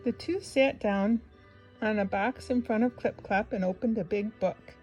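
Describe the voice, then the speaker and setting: A woman reading a children's picture book aloud in a gentle, expressive way, pausing for asides to the young listener. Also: medium pitch, muffled recording, faint music behind. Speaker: storybook reader.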